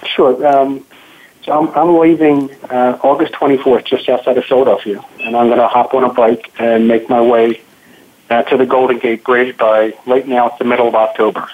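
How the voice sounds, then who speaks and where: A man calling in as a guest, earnest and halting with fillers. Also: medium pitch, level tone. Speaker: guest caller. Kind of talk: phone interview. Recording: tinny phone line.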